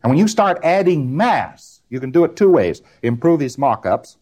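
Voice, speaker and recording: A man's voice: fairly high pitch, very animated, normal speed, a little mellow, breathy edge. A man giving a recorded lecture, rambling and repeating words in rhythmic runs, often ending on a tag question.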